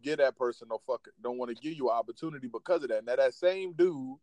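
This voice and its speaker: A man's voice: mid-range voice, quick pace, a little mellow, no room sound. A man in his thirties co-hosting a casual talk show, talking bluntly and profanely about work and life. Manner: blunt, profane, keeps it real. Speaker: podcast co-host. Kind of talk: casual chat.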